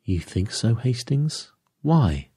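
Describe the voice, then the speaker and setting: A man voicing a fussy, dapper middle-aged detective in an audiobook, speaking precisely with sudden high exclamations. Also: big pitch swings, takes it slowly, dark tone, slightly rough, no echo, clean studio sound, heavily acted. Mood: fussy, animated. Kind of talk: audiobook character voice.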